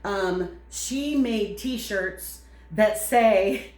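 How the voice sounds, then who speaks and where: Woman co-host, emphatic and lively delivery; mid pitch; echoey studio room. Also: moderate pace. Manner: animated, emphatic, laughs easily. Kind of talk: casual chat.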